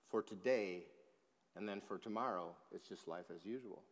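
A man preaching a sermon as pastor, slow and emphatic, swelling in volume on key phrases. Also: deep voice. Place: church sanctuary. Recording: long hall reverb.

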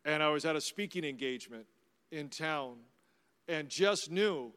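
With lively intonation and a clean, slightly high voice, this middle-aged pastor speaks a little slowly. His storytelling sermon is built on personal anecdotes delivered in a warm, humorous, conversational way, recorded with long large-hall reverb.

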